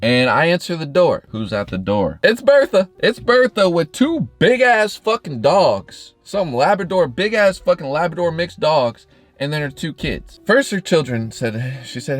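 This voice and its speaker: A young man, a YouTuber, telling a story in a casual storytime vlog, animated and profane, with his pitch jumping up and down. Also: unhurried, dry recording, faint music behind.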